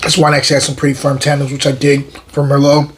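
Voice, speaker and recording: On his own show, a fast-talking man with a medium-pitched voice samples a wine and gives his verdict, staying easygoing and upbeat while frequently saying things twice.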